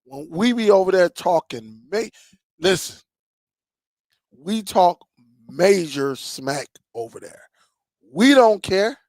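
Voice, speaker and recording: A man hosting a streaming tech channel, chatting casually with viewers and telling stories in an animated way, laughing and repeating himself. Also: high-pitched, takes it slowly, pauses often, no room sound, studio quality.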